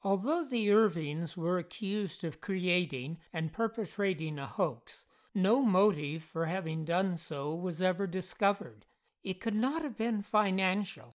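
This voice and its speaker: Slow, measured storytelling narrator. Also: mid-range voice, expressive. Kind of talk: scripted documentary narration.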